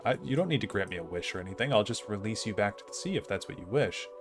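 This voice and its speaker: A man's voice: lowish voice, animated, quick pace, over music. A man voicing a poor fisherman, polite and mild-mannered. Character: meek kindly poor fisherman.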